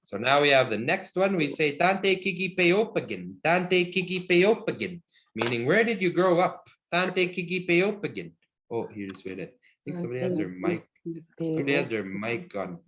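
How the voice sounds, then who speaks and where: A man teaching a Cree language class over a video call, friendly and encouraging, chuckling often and slowing down to model each word. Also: medium pitch, expressive, a crowd in the background. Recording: dull lo-fi video call audio.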